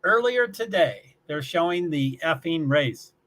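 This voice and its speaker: A man from Kentucky hosts a casual livestream from a small apartment. His voice sits high and sounds bright and forward. He rambles, stutters over his restarts and chuckles as he reads out chat. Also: lively intonation, a little slow. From Louisville, Kentucky. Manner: rambling, repeats words and restarts, chuckles often. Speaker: livestream host reading chat. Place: small one-bedroom apartment.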